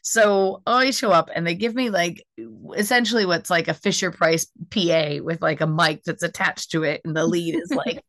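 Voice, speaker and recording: A young American woman, a stand-up comedian, telling a story in casual chat, animated and laughing often. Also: lowish voice, normal speed, hardly any pauses, dry recording. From United States.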